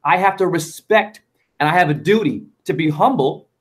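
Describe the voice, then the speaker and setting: A man's voice: on the high side, lively intonation, normal speed, husky. A man talking as a show guest in a rambling, fervent monologue full of wordplay. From United States. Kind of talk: casual chat.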